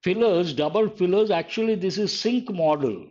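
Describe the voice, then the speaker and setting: A man's voice: high voice, animated, moderate pace, a little mellow. A man teaching grammar in a live exam-prep class, explaining step by step and repeating key phrases. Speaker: English teacher. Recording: dull lo-fi online class audio.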